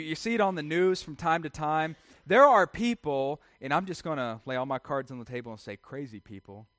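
A man's voice: on the high side, no echo. A man preaching a sermon in church, conversational and full of rhetorical questions. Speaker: pastor.

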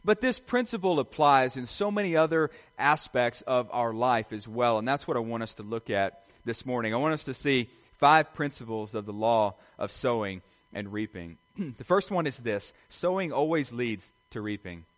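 A man's voice: mid-range voice, animated, normal speed. A man preaching a sermon as pastor, earnest and repetitive, often asking rhetorical questions to his congregation.

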